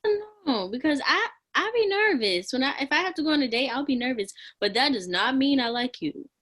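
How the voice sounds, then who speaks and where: Bright-toned woman chatting candidly. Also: sits high, fairly quick. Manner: candid, animated, acts out little quotes. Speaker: podcast panelist. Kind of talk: casual debate chat.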